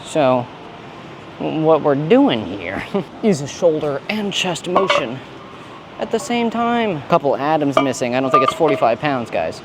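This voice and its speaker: A man's voice: a little high, very animated, measured pace, heavy background noise. A young man ranting and joking in a gym, casual and full of profane slang. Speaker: fitness vlogger. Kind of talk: casual gym vlog rant.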